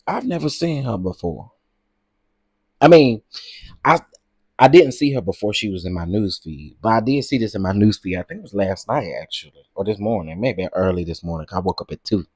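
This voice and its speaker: A man with a fairly low voice hosts a casual livestream, gossiping and reacting to viewer comments in a chatty, familiar way. The sound is dry and close to the mic. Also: expressive, brisk, darkish tone, breathy edge, dry recording. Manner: chatty, gossipy, says "y'all" and "girl". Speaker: livestream host. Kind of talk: casual chat reading comments.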